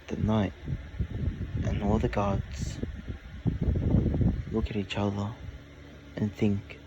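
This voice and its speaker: A man improvising a fantasy story, talking slowly and haltingly in short phrases. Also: on the low side, level tone, muffled recording, very noisy.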